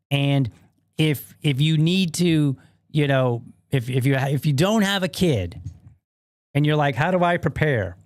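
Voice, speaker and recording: Rambling dad podcaster, dry sound. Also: male voice, on the high side, no room sound. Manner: rambling, self-deprecating storytelling with many fillers and restarts. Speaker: podcast host. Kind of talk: casual solo podcast monologue.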